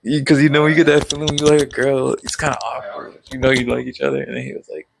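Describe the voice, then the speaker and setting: A man giving a casual, excited recap of a show, rambling with plenty of fillers and sound-effect words. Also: mid-range voice, quick pace, creaky, noisy background. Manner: rambling, filler-heavy, leans on "basically" and "like".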